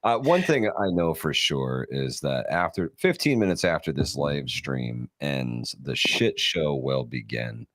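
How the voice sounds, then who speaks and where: A man in a casual chat, agreeable and quick to chuckle. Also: a bass voice, lively intonation, a bit bright, no echo.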